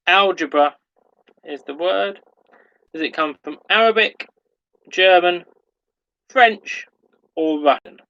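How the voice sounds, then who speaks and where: A quiz host with a bright, forceful, rather high voice reads his questions at an unhurried, careful pace. He repeats every question so players can keep up, and pokes fun at himself when a word trips him up. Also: vocal fry, dull audio. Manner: slow, deliberate, repeats each question; self-mocking when tongue-tied. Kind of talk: reading out pub quiz questions.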